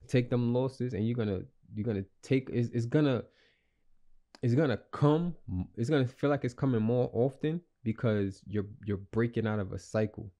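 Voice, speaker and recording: A man's voice: lowish voice, warm tone. A young man hosting a casual motivational podcast, rambling and repeating himself in slangy, earnest talk. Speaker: podcast host.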